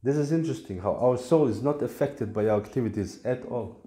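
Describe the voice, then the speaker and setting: Mann, lebhafter Vortrag im hallenden Tempelraum. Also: male voice, medium pitch, fairly quick, warm tone. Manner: playful storytelling, acting out little voices. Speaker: spiritual teacher. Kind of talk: lecture on scripture. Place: temple hall. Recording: echoey room.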